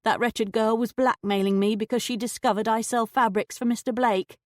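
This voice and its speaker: A woman's voice: a little high, steady tone, normal speed, dry recording, studio quality, pitched above the performer's own voice, close to an everyday voice. A woman doing a defensive shopkeeper with a fake French accent. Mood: frightened. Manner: indignant, evasive, accent slipping in and out.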